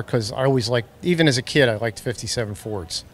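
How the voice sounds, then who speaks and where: A man's voice: medium pitch, brisk, hardly any pauses. Matter-of-fact male car owner. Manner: relaxed, matter-of-fact storyteller. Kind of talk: interview guest storytelling. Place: outdoor car show.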